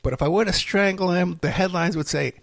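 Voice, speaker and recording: A man's voice: high voice, a little fast, gravelly, fairly bright tone, no room sound. A middle-aged man hosting his own show, talking in a casual rambling monologue on a close mic and chuckling between stories. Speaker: podcast host.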